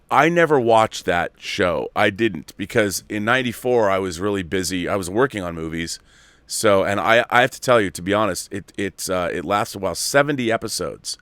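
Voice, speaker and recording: A man's voice: fairly low pitch, a bit bright, clean tone, no echo. A middle-aged man hosting a live show, chatting casually and nostalgically as he reads viewer questions, rambling with many restarts. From Seattle area. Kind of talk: casual live-stream chat.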